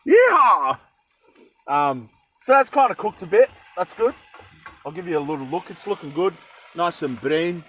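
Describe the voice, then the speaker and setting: A man's voice: fairly high pitch, lively intonation, normal speed, slight background noise, poor audio. A young Australian man chatting casually while cooking in a van, rambling with jokey asides. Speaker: cooking vlogger. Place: van kitchen.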